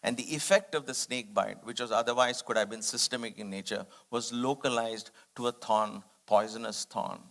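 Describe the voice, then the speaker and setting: A man's voice: mid-range voice, moderate pace, gravelly, hardly any pauses, a bit bright. A man speaking at a devotional study circle, telling a personal spiritual story in an earnest, reflective way. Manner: earnest, reflective, acts out quoted dialogue.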